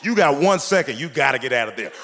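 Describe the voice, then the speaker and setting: A man doing a stand-up comedy set on stage, animated and jumping into high shouted voices when acting out quotes. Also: fast. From Portland, Oregon. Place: theater stage before a live audience. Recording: live stage recording with audible audience noise.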